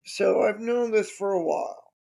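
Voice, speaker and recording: A man hosting his own podcast, telling a story in a casual, drawn-out, wry way. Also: high voice, creaky, dark tone. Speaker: podcast host.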